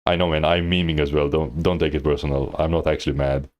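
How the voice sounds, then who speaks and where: A Thai game coach reviews a player's match on a livestream, laid-back, slangy and teasing, laughing often. His voice is extremely low and fairly flat, and he talks quickly.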